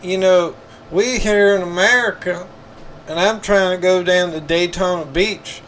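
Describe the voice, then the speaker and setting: Brash Southern redneck, put on by a man: high-pitched drawl, loud, folksy. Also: unhurried, a little hiss or hum. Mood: griping.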